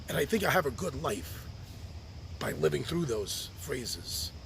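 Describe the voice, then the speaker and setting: A man's voice: on the high side, big pitch swings, measured pace, creaky, a little hiss or hum. A man speaking a heartfelt open letter on his podcast, reflective and earnest, sometimes restarting his sentences. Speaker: podcast host writing to his birth mother. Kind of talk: personal open-letter monologue.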